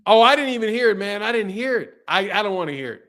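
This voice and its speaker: A man with a slightly high voice hosts a live stream, talking loosely and joking with his viewers. He laughs often and answers comments as they come in, in an easygoing, casual way. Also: lively intonation, fast talker, a bit bright. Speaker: live-stream host reading chat.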